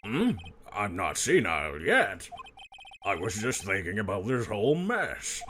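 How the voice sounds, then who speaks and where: A man voicing a kindly, fretful old lawyer in a fan dub of a game, talking slowly and hesitantly. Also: fairly low pitch, huge pitch swings, a bit bright, a little hiss or hum, heavily acted. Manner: slow, hesitant, fatherly. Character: elderly male law firm boss, fretful and kindly.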